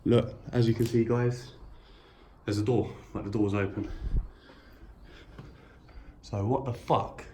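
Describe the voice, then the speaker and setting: A man's voice: medium pitch, fairly even intonation, takes it slowly, pauses often. Man taunting a ghost, swearing. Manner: taunting, swearing, provoking a spirit. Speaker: paranormal investigator host. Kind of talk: ghost-hunting vlog. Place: inside an empty house. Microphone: camera mic. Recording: echoey rooms, distant mic, faint background noise.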